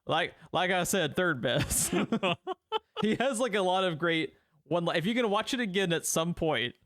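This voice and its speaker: Male podcast co-host, slightly high voice, rambling casual delivery, dry close mic. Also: lively intonation, normal speed, a bit bright, no room sound. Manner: rambling, laughs often, swears casually. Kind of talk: casual film review chat.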